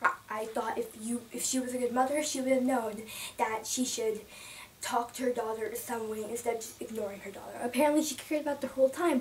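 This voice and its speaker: A young woman giving a casual, emotional book review, rambling with many restarts and sometimes dropping to a soft whisper. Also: a little high. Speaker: book vlogger. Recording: distant from the mic, faint room noise.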